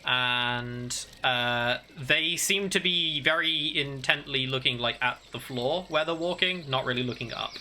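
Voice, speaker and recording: Slow-paced bright-voiced game master. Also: male voice, medium pitch, slight background noise. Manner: hesitant, filler-heavy narration. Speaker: dungeon master. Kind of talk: narrating a tabletop game. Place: home setup with fantasy ambience playing.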